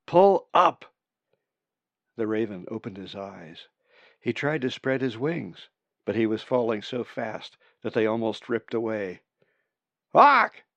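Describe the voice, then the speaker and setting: A man reading his own book aloud as audiobook narration, measured and unhurried. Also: on the low side, a little mellow, dry recording, muffled recording.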